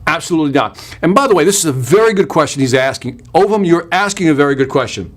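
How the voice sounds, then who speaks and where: This sales trainer is a fast talker with a fairly high pitch, hosting a live sales webinar. He pushes his points with energy, emphasis and punchy repetition while reading out comments from viewers.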